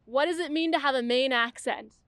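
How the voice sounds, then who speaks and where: A woman hosting and narrating a scripted explainer, with a clear, measured delivery. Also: high voice, a bit bright. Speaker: host.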